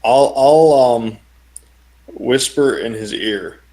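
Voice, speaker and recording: Male player, slow and hesitant, casual game table. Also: medium pitch, lively intonation, a little mellow. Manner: hesitant, restarting.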